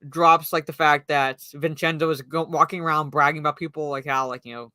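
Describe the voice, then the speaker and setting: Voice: medium pitch, steady tone, brisk, pushed and bright, no echo. A podcast co-host in casual movie discussion, rambling with lots of "like" and restarts. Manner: rambling, heavy use of "like".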